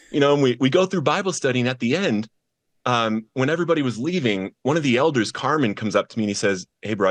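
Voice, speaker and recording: A man's voice: medium pitch, fairly bright tone, dry recording, studio quality. A man as a podcast guest, earnestly telling his personal testimony and acting out the voices of the people in his story.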